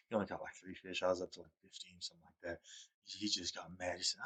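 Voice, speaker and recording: A man's voice: flat delivery, quick pace, pushed and bright, breathy edge. A man telling rambling stories about fishing trips, repeating himself, chuckling as he goes, and raising his voice to quote others. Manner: raises his pitch when quoting others. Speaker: storyteller recounting fishing trips. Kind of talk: rambling personal storytelling.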